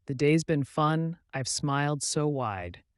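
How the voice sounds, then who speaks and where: A man's voice: on the high side, takes it slowly, clean tone, no room sound, studio quality. A man doing a playful little duckling. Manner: playful, excited. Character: small yellow duckling, playful and curious.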